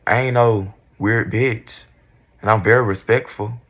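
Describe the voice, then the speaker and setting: A man's voice: fairly low pitch, steady tone, unhurried. A young man in casual storytime mode, candid, profane and dramatic about his own past. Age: young adult. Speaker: vlogger.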